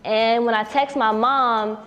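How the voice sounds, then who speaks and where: A woman's voice: on the high side, steady tone, slow, fairly bright tone, highs cut off. A young woman telling her personal story in a casual way, often saying "you know what I'm saying" and acting out what others said. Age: young adult. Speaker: young mother interviewed on camera.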